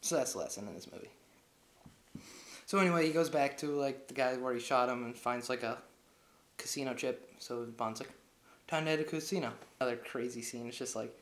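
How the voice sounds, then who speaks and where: Young man, casual movie recap, rambling with lots of filler, mid-pitched voice, roomy echo. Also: a little fast. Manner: rambling, heavy on filler words. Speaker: movie reviewer. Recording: echoey room.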